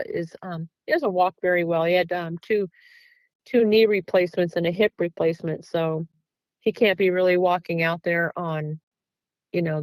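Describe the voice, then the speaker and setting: A woman's voice: on the low side, no room sound, poor audio. A woman, a guest researcher, casually telling a story in an interview and acting out the back-and-forth dialogue, with plenty of "um" and "like". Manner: chatty, with frequent "um" and "like".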